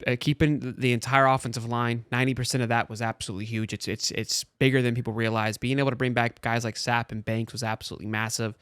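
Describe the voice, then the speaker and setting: A man hosting a sports talk show, talking in a casual, animated way with frequent restarts. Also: medium pitch, clear, resonant tone, no room sound, clean studio sound. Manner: animated, talks fast with restarts.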